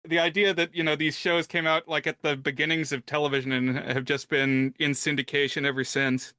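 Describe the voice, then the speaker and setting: A man co-hosting a film podcast, telling stories in a relaxed, wry way. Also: on the high side, a little fast, no echo, studio quality. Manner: relaxed, wry storytelling, reads quotes aloud. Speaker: podcast co-host. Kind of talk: casual film podcast chat.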